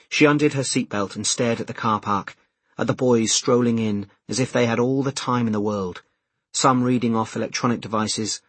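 A man narrates an audiobook with measured, expressive storytelling. His voice is on the low side and slightly rough, recorded with no room sound.

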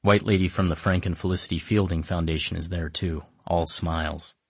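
Low, husky man telling a wry story. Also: steady tone, fairly quick, no room sound. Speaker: narrator. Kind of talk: comic first-person story reading.

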